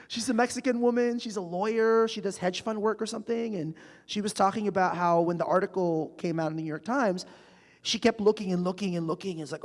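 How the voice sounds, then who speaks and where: Fairly quick and high-pitched, a man appears as guest speaker in an onstage public conversation. Before a live audience in a reverberant large hall, he tells stories with animation, acting out the people he quotes.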